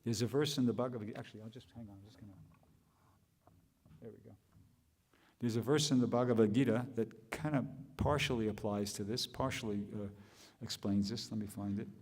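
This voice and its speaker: A man's voice: on the low side, a little fast, in a large hall. A man giving a scripture class, thinking aloud with restarts and rhetorical questions.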